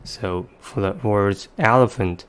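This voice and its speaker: Low, smooth-voiced male teacher. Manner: careful, methodical explaining with slow demonstrative word examples. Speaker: English vocabulary teacher. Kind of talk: scripted instructional narration.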